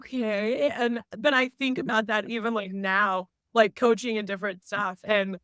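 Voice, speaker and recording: Young woman guest, smooth voice, candid storyteller, casual podcast talk. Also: medium pitch, steady tone, moderate pace, a bit bright, dry recording. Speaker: guest, teacher and coach.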